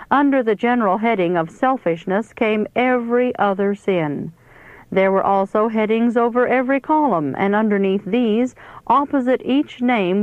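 A woman reading a religious text aloud in a measured, solemn narration. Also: medium pitch, no echo. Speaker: reader. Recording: tinny phone-like dry recording.

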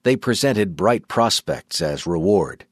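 A man giving a measured, solemn audiobook narration. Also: deep voice, expressive, no echo, clean studio sound.

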